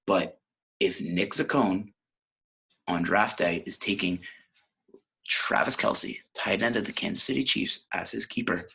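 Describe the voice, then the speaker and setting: A man's voice: sits low, unhurried, vocal fry, pauses often, pushed and bright, breathy edge. A man from New York hosting a podcast, ranting in a brash, profane, rambling way. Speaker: podcast host. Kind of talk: casual podcast rant.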